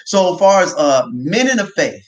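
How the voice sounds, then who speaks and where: A man hosting a casual faith talk livestream, animated and often laughing, tagging lines with "right?". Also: high-pitched, muffled recording. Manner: animated, quick to laugh, repeats himself, says "right?" often. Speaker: podcast host.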